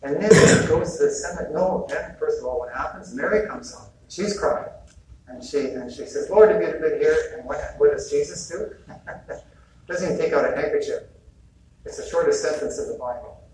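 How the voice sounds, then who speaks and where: A man with a slightly higher voice gives a relaxed spiritual talk, chatty and quick to chuckle, slipping into little bits of dialogue as he tells it. He is heard from a distance in a very echoey hall, with faint room ambience underneath. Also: slight background noise. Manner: conversational, chuckles often, acts out quoted dialogue. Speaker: retreat speaker. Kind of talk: informal talk on healing and faith.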